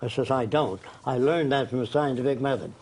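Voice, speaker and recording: A man's voice: medium pitch, fairly quick, darkish tone, husky. An older man being interviewed, telling long rambling stories and acting out the voices of people in them. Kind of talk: conversational storytelling.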